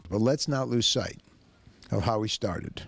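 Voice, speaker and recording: A man pitching his car dealership, telling a story in an emphatic, folksy way. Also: measured pace, creaky, over music. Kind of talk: animated sales pitch and storytelling.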